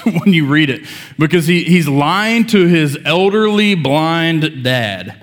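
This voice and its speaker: Man, pastor, conversational sermon, joking asides, fairly high voice, long church reverb. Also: lively intonation, a little slow.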